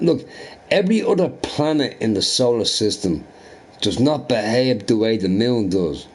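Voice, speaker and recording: A man chatting casually while streaming a game, rambling and swearing through animated rants and asking "right?" often. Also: medium pitch. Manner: profane, ranting, animated opinions with frequent "right?".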